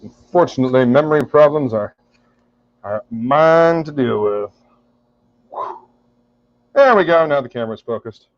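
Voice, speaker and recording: A man's voice: mid-range voice, lively intonation, a little slow, long pauses. Wry joking man cooking in kitchen. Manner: joking, wry, swears casually. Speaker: cooking streamer. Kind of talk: casual cooking chat with viewers. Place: home kitchen. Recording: muffled lo-fi home recording.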